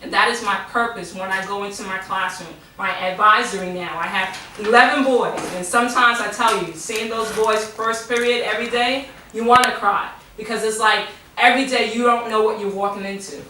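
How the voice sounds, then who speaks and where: A woman speaks with fervent, preacherly passion, her bright voice rising and repeating key phrases. She sits back from the mic in a very echoey room, with a faint hum of ambience behind her. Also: mid-range voice, fairly even intonation, a little fast, few pauses, distant mic. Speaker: teacher and mentor, guest. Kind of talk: emotional testimony on a radio show.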